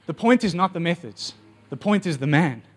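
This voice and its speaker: Animated high-voiced male preacher. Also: normal speed. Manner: animated storytelling, acting out voices. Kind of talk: sermon.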